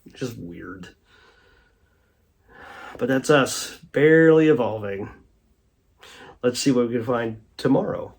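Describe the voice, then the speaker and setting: Male vlog host, husky mid-range voice, loose unscripted commentary full of restarts and fillers. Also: medium pitch, slow, long pauses, darkish tone. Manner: rambling, many fillers and restarts. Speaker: host reviewing a streaming documentary. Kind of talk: casual spoken commentary.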